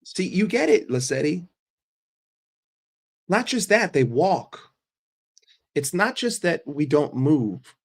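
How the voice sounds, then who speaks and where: A man's voice: on the high side, sing-song, takes it slowly, long pauses. A man hosting a casual football livestream. He reads the chat aloud and answers with blunt, sarcastic, heavily profane opinions. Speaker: football fan streamer reading chat.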